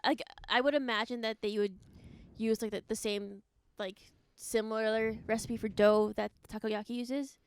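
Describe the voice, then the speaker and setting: A woman's voice: a little high, fairly even intonation, moderate pace, smooth. A young woman co-hosting a podcast in casual chat, easygoing and a little hesitant. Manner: easygoing, giggly, a bit hesitant. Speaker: podcast co-host.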